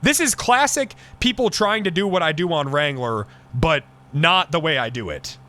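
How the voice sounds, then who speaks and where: Man, streamer, in-character roleplay, excitable, swearing, lively swooping pitch. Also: moderate pace. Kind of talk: casual in-character roleplay chat.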